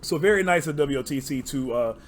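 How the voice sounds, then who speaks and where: A man's voice: on the high side, expressive, fairly quick, a little hiss or hum. Teary, rambling young man on camera. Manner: rambling, heartfelt, many fillers. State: teary, emotional. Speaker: card game player and channel host. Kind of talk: casual to-camera vlog.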